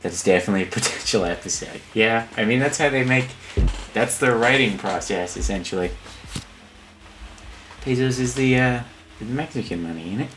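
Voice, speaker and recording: A man's voice: medium pitch, moderate pace, long pauses, fairly bright tone, slight background noise. A man streaming a video game, chatting in a profane, jokey, rambling way. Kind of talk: casual let's play commentary.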